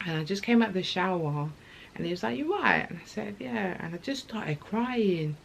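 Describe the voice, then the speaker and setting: A young English woman vlogs candidly about motherhood in an animated, creaky mid-range voice at a moderate pace. Her storytelling is open, chatty and emotional, peppered with slang, with faint background noise.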